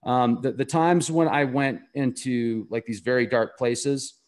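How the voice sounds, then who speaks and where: A man's voice: mid-range voice, fairly even intonation, a little slow. A man as an interview guest, telling a story in an earnest, enthusiastic and rambling way. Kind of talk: casual conversational storytelling.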